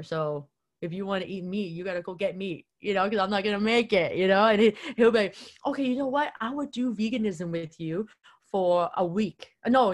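Chatty young woman telling a story. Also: mid-range voice. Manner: chatty, constant "like" fillers, acts out quotes. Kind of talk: casual personal storytelling.

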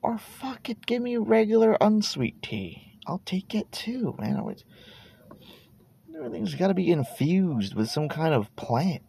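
In his parked car, a Texas podcast host in his thirties talks in a meandering, relaxed way, swearing casually and repeating words as he trails off. His high voice is very animated but a little slow, gravelly and dark with a breathy edge.

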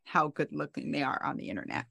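A woman's voice: low-pitched, animated, quick pace, gravelly, bright, forceful tone, slightly rough, no room sound. A woman co-hosting a podcast, casually recapping a TV episode in a chatty storytelling way with wry asides. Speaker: podcast co-host.

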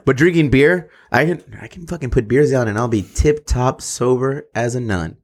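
A man's voice: mid-range voice, moderate pace. A man, co-hosting a podcast in casual chat, joking and swearing freely. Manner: joking, profane, drops Spanish slang. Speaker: podcast co-host.

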